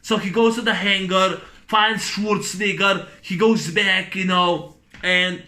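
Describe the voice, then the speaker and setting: A man's voice: sits high, steady tone, measured pace, sharp tone. A man with giving a profane, rambling movie rant, full of fillers and restarts. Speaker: movie reviewer.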